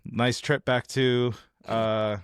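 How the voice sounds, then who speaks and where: A man from the United States co-hosting a podcast, telling a travel story in animated, casual chat and acting out what people said. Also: medium pitch, slow pace, clear, resonant tone, no room sound, clean studio sound. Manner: animated storytelling, acts out quotes. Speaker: podcast co-host.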